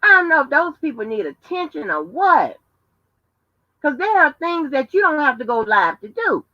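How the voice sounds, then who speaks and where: A woman rants to her livestream viewers in a profane, emphatic way, her voice swinging widely between high and low. Her tone is bright and forceful. The sound is dry and dull, like lo-fi stream audio. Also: moderate pace, no room sound. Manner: animated, profane, emphatic storytelling. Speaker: livestream host. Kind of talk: casual livestream rant.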